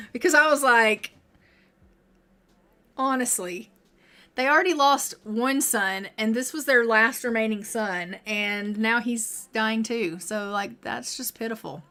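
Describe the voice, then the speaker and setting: Woman streaming a game, kinda high bright voice, chatty, talks to chat. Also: slow. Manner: chatty, reads out game text and voices the characters. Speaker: gaming streamer. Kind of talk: casual game commentary.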